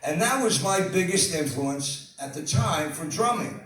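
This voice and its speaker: An older man with a fairly high voice tells a rambling story on stage, full of laughing asides. The sound booms around an echoey hall, and the mic is well away from him. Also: lively intonation, unhurried, fairly bright tone, far from the mic. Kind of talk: live anecdote. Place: live venue.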